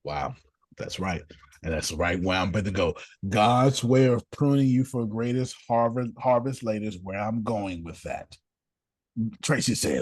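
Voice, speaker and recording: A man teaching in a preaching style, animated, repeating phrases and calling listeners by name. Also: mid-range voice, a little slow, slightly rough, no room sound. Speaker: host and teacher.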